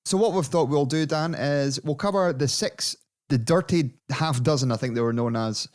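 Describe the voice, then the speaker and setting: A man's voice: on the high side, normal speed. Wry man hosting a podcast. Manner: wry, storytelling riffs, steers segments. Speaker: podcast co-host. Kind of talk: casual football chat.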